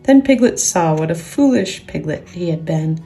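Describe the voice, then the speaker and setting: A woman gently and expressively reading a children's book aloud, with soft guitar music behind. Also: lowish voice, expressive, normal speed. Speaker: storyteller and sculptor.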